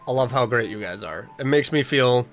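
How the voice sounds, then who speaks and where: A young man talks casually to his stream viewers at a mid pitch. He sounds earnest and rambles a little while he reads their messages aloud. Faint music plays softly under his voice. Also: expressive, normal speed. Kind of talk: casual livestream chat with viewers.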